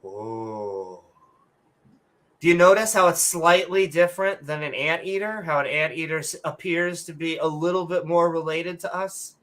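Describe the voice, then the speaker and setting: A woman's voice: deep voice, normal speed. A woman co-hosting a podcast, ranting bluntly and sarcastically in casual chat and swearing freely. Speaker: podcast co-host.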